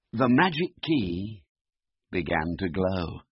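A man reading a children's picture book aloud in a slow, lively, expressive way. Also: fairly low pitch, breathy edge. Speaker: storyteller. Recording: dull, muffled recording.

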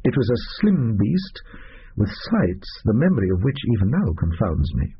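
A man reads a story aloud with an expressive, dramatic delivery. His voice is low, gravelly and very husky, and the pitch moves a lot. The recording is dull and lo-fi. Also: moderate pace. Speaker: narrator. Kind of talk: audiobook story narration.

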